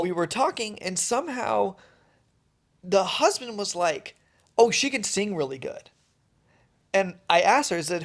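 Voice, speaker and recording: A man's voice: sits high, vocal fry. Enthusiastic, rambling man co-host. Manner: enthusiastic, rambling, heavy on "like" fillers. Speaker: podcast co-host. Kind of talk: casual chat.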